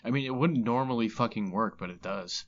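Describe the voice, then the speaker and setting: A man's voice: mid-range voice, a little fast, lo-fi sound, slight background noise. A man co-hosting a podcast, talking bluntly and casually about rap lyrics with plenty of swearing. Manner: blunt, laid-back, heavy swearing. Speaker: podcast co-host.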